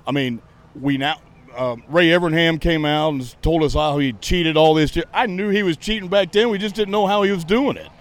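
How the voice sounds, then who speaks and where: A man's voice: on the high side, normal speed. A man, a podcast host and racing fan, ranting in a heated, sarcastic, profane way during a casual chat. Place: outdoors at a racetrack.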